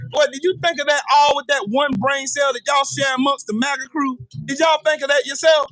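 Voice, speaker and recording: A man's voice: very high-pitched, steady tone, a little fast, hardly any pauses, a bit bright, soft background music. A man hosting a livestream, in a furious, profane political rant, taunting viewers with repeated questions. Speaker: livestream host.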